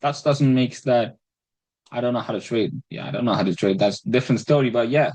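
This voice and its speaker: A man's voice: mid-range voice, a little fast, a little mellow, no room sound, low-quality recording. A man casually talking through his week's trades, rambling and self-deprecating, swearing and restarting his phrases. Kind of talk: casual screen-recorded trading breakdown.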